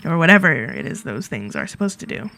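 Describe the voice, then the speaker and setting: A woman's voice: low-pitched, sing-song, fairly quick, slight background noise, pitched below the performer's own voice, heavily acted, poor audio. A woman doing a sarcastic, dismissive young woman. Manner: curt, sarcastic. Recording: loud game music behind.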